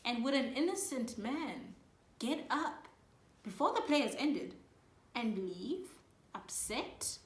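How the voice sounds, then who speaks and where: A woman hosting her own channel, casually and jokingly retelling a play's plot in slangy asides, slipping into quick voices for the characters. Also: on the high side, expressive, roomy sound. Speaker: channel host. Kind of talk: comedic casual plot summary.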